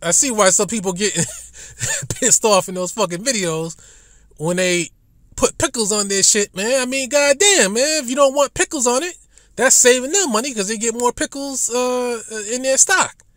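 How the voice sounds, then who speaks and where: A man telling a profane story as a YouTube commentator, swinging between low muttering and loud outbursts. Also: animated, measured pace, dry recording, studio quality.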